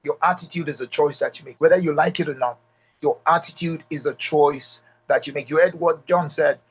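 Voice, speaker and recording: Man, Nigerian accent, middle-aged, motivational speaker, emphatic and repetitive, husky voice. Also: a little high, brisk. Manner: emphatic, repeats key lines, addresses audience directly. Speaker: leadership speaker. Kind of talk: motivational talk.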